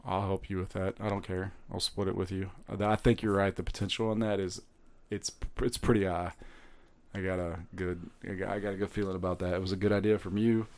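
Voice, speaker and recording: A man co-hosting a podcast, casual chat, enthusiastic and quick with punchy interjections. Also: sits low, level tone. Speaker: podcast co-host.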